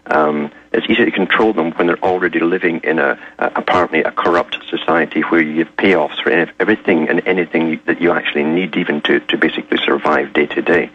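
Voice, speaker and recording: A man speaking as a guest author on a radio show, measured and somewhat halting. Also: low-pitched, lo-fi sound. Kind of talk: radio interview.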